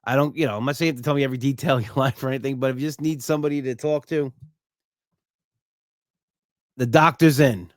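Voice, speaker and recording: Middle-aged male podcast host, sincere and personal, halting restarts, dry close-miked sound. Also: mid-range voice, fairly even intonation, dry recording. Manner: earnest, heartfelt, frequent restarts and "you know". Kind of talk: solo podcast monologue.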